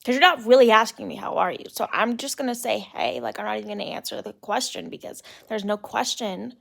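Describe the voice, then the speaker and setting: A young woman with a high, bright-pitched voice and heavy vocal fry, ranting casually. She leans on "like" and "literally" and mocks others in an exasperated tone. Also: fairly even intonation, fast. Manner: exasperated, mocking mimicry of others. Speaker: podcast host. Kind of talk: casual solo rant.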